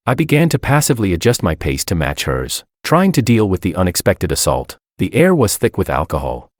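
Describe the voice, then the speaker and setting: A man narrating a dramatic first-person romance story in an expressive storytelling manner. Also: low voice, no echo, studio quality.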